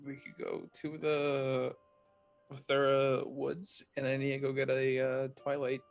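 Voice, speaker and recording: A man's voice: medium pitch, completely flat delivery, a little slow, vocal fry, faint music behind. Rambling man playing a tabletop game. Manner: rambling, restarting phrases. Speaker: player. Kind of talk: casual tabletop role-play.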